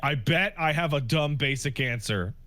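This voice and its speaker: A man's voice: fairly high pitch, pushed and bright, no room sound. A man co-hosting a casual podcast, chatting loosely and swearing often. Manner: swears often, quick asides. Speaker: podcast co-host. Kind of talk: casual chat.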